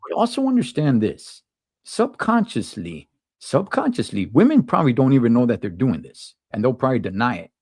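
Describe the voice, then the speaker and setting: A man hosting a casual talk show, animated and repeating himself when worked up. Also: medium pitch, a little fast, slightly rough, no room sound, studio quality. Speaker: podcast host. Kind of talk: casual opinion chat.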